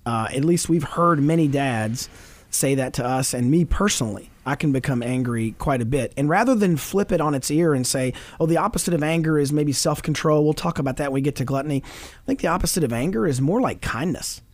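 A man's voice: a little high, a little fast, no echo. A middle-aged man on a Christian talk show, speaking earnestly about fatherhood, quoting scripture and laughing often. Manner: animated, preachy, quotes scripture, laughs often.

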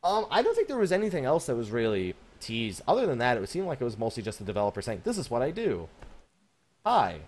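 A man's voice: medium pitch, big pitch swings, fast, few pauses, a little mellow. A man co-hosting a gaming podcast, rambling casually, laughing often and swearing now and then. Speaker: podcast co-host.

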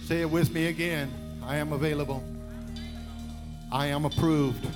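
A man's voice: fairly high pitch, fairly even intonation, normal speed. Emphatic preacher man over music. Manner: emphatic preaching with call-and-response. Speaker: pastor. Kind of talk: sermon.

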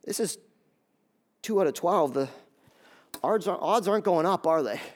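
A man preaching a sermon, animated and conversational, acting out scenes and talking straight to his listeners. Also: high-pitched, moderate pace. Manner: animated, acts out scenes in quoted voices; conversational, talks straight to the audience. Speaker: pastor.

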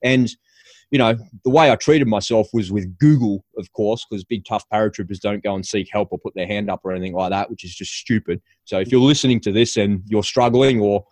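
A man's voice: fairly low pitch, a little fast, darkish tone, no room sound. A middle-aged man, a former paratrooper, candidly telling a story as a podcast guest in a casual, self-deprecating way.

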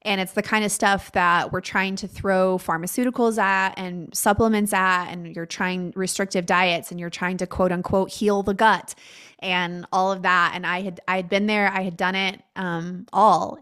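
A woman's voice: medium pitch, fairly even intonation, normal speed, a bit bright, clear, resonant tone. A woman speaking as a podcast guest in casual chat, candid and blunt, with lots of fillers.

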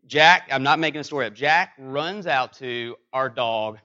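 Halting, bright-voiced male preacher. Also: medium pitch, highs cut off. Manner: halting, anecdotal, many fillers and restarts. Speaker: pastor. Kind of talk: sermon with personal story.

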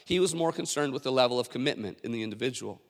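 A man preaching a sermon as a pastor, telling stories in a conversational, animated way with many fillers. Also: mid-range voice, quick pace, long reverb tail.

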